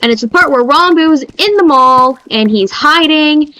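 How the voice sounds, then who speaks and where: A young woman streamer chatting casually in an excitable, rambling way. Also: high-pitched, unhurried, no room sound, low-quality recording.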